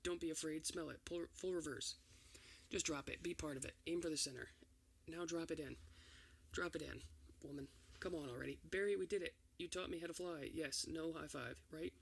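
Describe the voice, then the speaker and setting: Man with a gravelly, slightly high voice reading a script for ASMR. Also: normal speed, slight background noise. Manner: reads every part in one steady voice with few changes. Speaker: ASMR reader.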